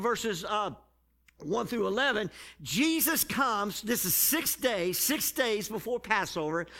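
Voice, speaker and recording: A man preaching a sermon, stretching key phrases and building up to shouted passages. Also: sits high. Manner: drawn-out emphatic phrasing.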